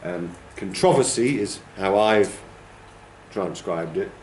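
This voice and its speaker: A man teaches a TESOL training class, lecturing patiently in a roomy classroom with echo and demonstrating word stress by drawing words out in exaggerated fashion. His voice is on the low side, animated and unhurried, with slight background noise.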